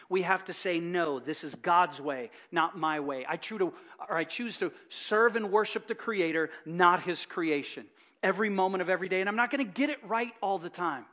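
A male pastor delivers an impassioned sermon, pressing his points with rhetorical questions. His voice sits high and rings bright and forceful. He swings between loud urgency and hushed, earnest passages. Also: normal speed. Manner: fervent preaching with rhetorical questions.

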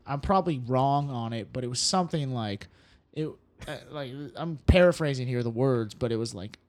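A man's voice: mid-range voice, normal speed. A man guest on a podcast, telling loose, rambling anecdotes in casual chat and acting out bits of dialogue. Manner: rambling anecdotes with acted-out quotes. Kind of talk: casual storytelling.

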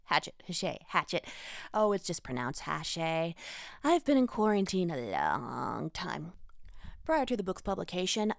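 Gravelly woman rambling wry jokes on her book podcast, dry close sound. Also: on the low side, darkish tone, no echo. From United States. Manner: wry, self-mocking, playful asides. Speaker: podcast host reviewing books. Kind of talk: casual solo podcast chat.

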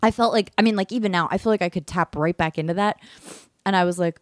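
A woman telling a story in casual podcast chat, lively and swearing freely, acting out what she said back then. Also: lowish voice, fast, no room sound, clean studio sound. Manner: animated, swears freely, acts out her own screams and quotes.

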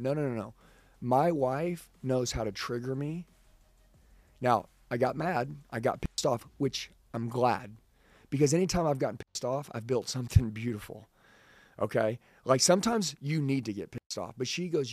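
A man's voice: mid-range voice, animated, moderate pace, dry recording. A man in his forties, a sales trainer, giving an intense, emphatic motivational talk full of personal storytelling.

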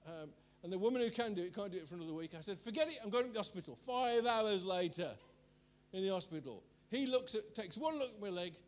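High-voiced preacher telling stories. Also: male voice, animated, a little fast. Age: older. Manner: chatty, rambling storyteller who laughs at himself. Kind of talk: sermon with personal anecdotes.

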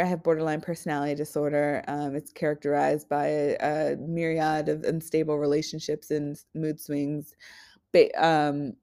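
Young woman, deep low voice, candid and blunt, halting restarts, swears freely. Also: dark tone. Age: 20s. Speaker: podcast host. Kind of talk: personal monologue.

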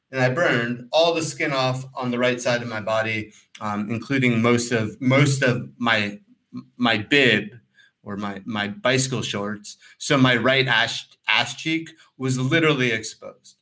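A man co-hosting a podcast, telling a rambling, animated story in casual talk and acting out the voices in it. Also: medium pitch, rough recording. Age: adult, former pro cyclist. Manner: rambling, animated, acts out quotes. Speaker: podcast co-host.

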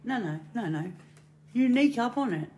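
A woman's voice: a little high, lively intonation, normal speed, dark tone. A woman rambling casually and telling jokes as a chatty storyteller.

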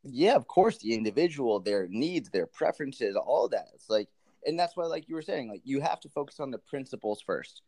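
A man speaking as a podcast guest on nutrition, animated and rambling with many restarts. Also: medium pitch, moderate pace, no echo. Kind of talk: casual interview chat.

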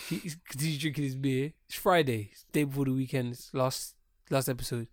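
A man co-hosting a podcast, telling a long story in casual chat, animated and rambling, swearing freely. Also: mid-range voice, brisk, no echo, clean studio sound. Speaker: podcast co-host.

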